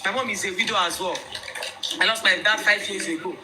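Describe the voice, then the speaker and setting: A young Nigerian woman with a Nigerian accent telling viewers her own story in an emphatic, animated way. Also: mid-range voice, fairly quick, noisy background. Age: young adult.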